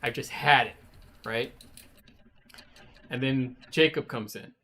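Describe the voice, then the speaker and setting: A man telling a story in a casual studio chat, animated, with bursts of swearing as he acts out his own anger. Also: medium pitch, slow. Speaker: guest, web designer.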